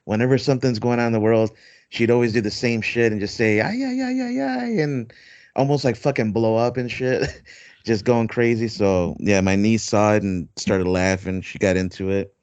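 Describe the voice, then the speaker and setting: Smooth and a little mellow, his fairly low voice keeps a steady tone and moderate pace as he hosts a rambling podcast chat, filling it with fillers and frequent laughter. The lo-fi recording is dull and dry, without any room sound.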